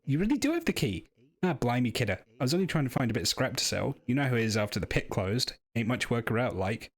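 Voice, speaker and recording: A man voicing a friendly, out-of-work male ex-miner in an attempted Scouse accent, chummy and slangy. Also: medium pitch.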